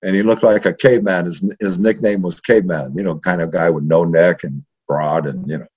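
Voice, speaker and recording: A man's voice: low-pitched, a little fast, slightly rough. An older man, a history professor, telling profane stories from his youth in a casual interview, with constant "right?" tags. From East Los Angeles. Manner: profane, animated, keeps adding "right?". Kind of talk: casual storytelling. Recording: dull lo-fi sound.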